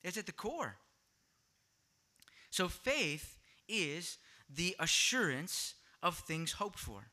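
Male pastor, sermon delivery, bright and high voice, questions the congregation, louder at key points. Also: big pitch swings, slow, long pauses. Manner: teaching, asks the congregation questions, swings louder for emphasis.

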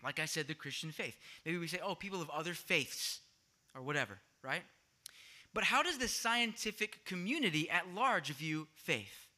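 A man's voice: a little high, very animated, normal speed. A man preaching a sermon, explaining a word study to his congregation and asking them questions as he goes. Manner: teaching, asks the congregation questions, swings louder for emphasis. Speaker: pastor.

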